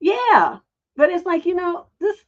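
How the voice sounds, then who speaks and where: A woman's voice: very high voice, very animated, measured pace, lo-fi sound. A woman relationship coach on a livestream advice show, talking bluntly with heavy profanity.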